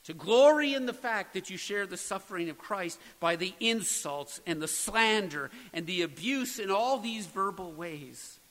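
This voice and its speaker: A man's voice: high voice, expressive, a little slow, hardly any pauses, fairly bright tone, long reverb tail, poor audio. A man preaching a sermon, earnest and building to emphatic peaks. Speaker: pastor.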